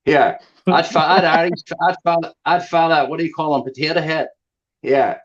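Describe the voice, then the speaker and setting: A man's voice: on the high side, normal speed. Man, Belfast accent, live stream panel host, ranting, swearing, muffled lo-fi audio.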